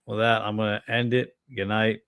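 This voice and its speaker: A tired middle-aged pastor chatting casually on a livestream, rambling with many fillers and restarts. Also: male voice, lowish voice, flat delivery, moderate pace, vocal fry, a bit bright, smooth, no echo.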